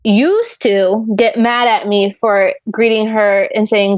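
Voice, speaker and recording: A woman's voice: mid-range voice, steady tone, slow pace, no echo, highs cut off. Upbeat Polish-born young woman. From Poland. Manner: bubbly, upbeat, lots of "like". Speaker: guest, intuitive artist. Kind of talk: casual interview chat.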